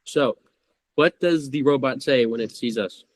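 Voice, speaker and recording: A man's voice: mid-range voice, a little slow, dry recording. A man playing in a tabletop game over a voice call, wry and teasing toward the other players.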